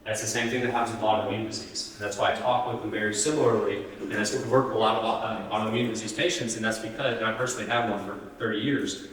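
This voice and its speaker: A man's voice: on the low side, fairly even intonation, fast, fairly bright tone, slight background noise. Man lecturing from across an echoey hall. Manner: conversational, asks the audience questions. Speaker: speaker at a health talk. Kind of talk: live presentation to an audience. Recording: roomy hall, distant mic.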